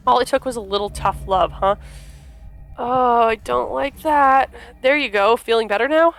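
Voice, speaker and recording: A woman voicing a calm, menacing male captor in a visual novel, keeping his voice soft, even and mockingly gentle. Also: medium pitch, fast talker, faint music behind, close to an everyday voice. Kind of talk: reading a visual novel aloud.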